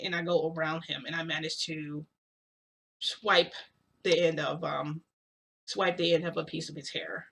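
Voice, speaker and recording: A woman's voice: low voice, gravelly, fairly bright tone, breathy edge. A woman casually telling a long story to her viewers, rambling with many fillers. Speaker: vlogger.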